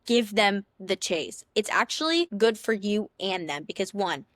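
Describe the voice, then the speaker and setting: A woman's voice: mid-range voice, expressive, a little slow, fairly bright tone, no room sound, clean studio sound. A young woman who hosts a podcast, giving sassy, playful dating advice in a casual big-sister tone. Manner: chatty, sassy, playful big-sister tone, acts out little scenes in other voices. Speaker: podcast host.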